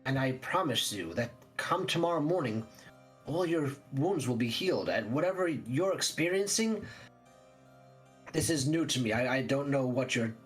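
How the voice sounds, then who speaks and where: Calm, clinical female vampire doctor, read by a man in a tabletop game. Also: medium pitch, normal speed, soft background music, lightly acted. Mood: pleading. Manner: clinical, calm, matter-of-fact. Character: brisk, cool-headed female vampire doctor.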